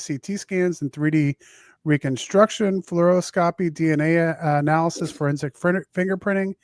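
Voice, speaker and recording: A man with a Southern US accent hosts a casual podcast, reading news items aloud. He hesitates and restarts often, filling gaps with uhs and ums. His voice sits a little high and sounds dry and close. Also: no room sound. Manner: halting, many filler sounds and restarts while reading. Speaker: podcast host.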